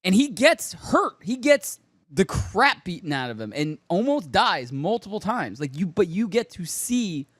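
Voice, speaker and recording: A man's voice: high voice, sing-song, a little slow, a bit bright, husky, dry recording. A man co-hosting a casual pop-culture podcast, giving eager, rambling explanations. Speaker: podcast co-host. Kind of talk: casual chat.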